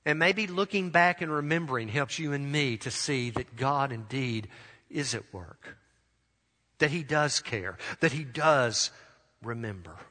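A man's voice: mid-range voice, pushed and bright. Earnest preaching man in a reverberant hall. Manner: earnest preaching, slows for emphasis. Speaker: pastor. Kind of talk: sermon.

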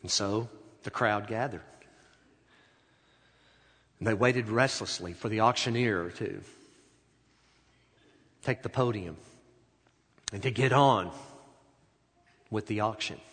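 A man preaching a sermon who tells a story dramatically, swinging between loud and hushed, in a large church hall. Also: fairly low pitch, slow, long pauses, husky. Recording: echoey hall.

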